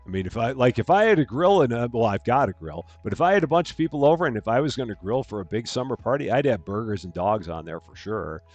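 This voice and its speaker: A man casually chatting on a live game stream, reading chat aloud and greeting viewers while projecting a bit louder than normal from his room. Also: mid-range voice, big pitch swings, fast, few pauses, no room sound, dull audio, soft background music. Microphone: headphones on, desk mic.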